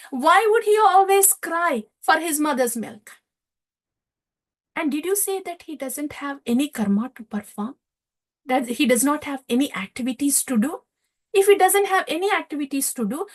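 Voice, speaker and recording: A woman playing an older cowherd chief defending his son, pleading and incredulous. The voice sits high, and the questions pile up one after another. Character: indignant fatherly cowherd chief, older man.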